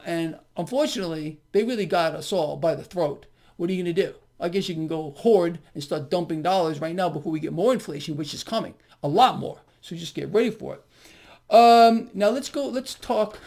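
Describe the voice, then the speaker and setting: A man's voice: a little high, a little mellow. A man giving a market commentary monologue on his video blog, emphatic and sarcastic, repeating his key words with ironic asides. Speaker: financial vlogger.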